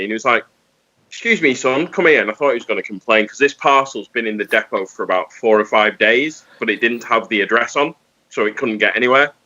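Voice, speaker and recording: A man's voice: lowish voice, bright, forceful tone. A tipsy man telling a rambling story on a casual chat. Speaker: panel guest. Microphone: video call. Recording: muffled video call audio.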